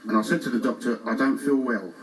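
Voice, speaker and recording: A man's voice: medium pitch, quick pace, close to an everyday voice. A man from England doing a stand-up impression of a classic comic, telling bumbling one-liners with self-mocking asides on a cruise ship stage. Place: cruise ship show lounge. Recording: distant mic, faint noise. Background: audience laughter.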